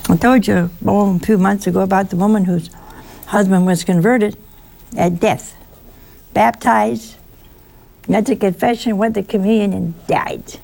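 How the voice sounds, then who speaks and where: Woman preacher, mid-range pitch, gravelly edge, folksy conversational sermon. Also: fairly even intonation, a little slow, pauses often, warm tone. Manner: folksy, full of rhetorical questions.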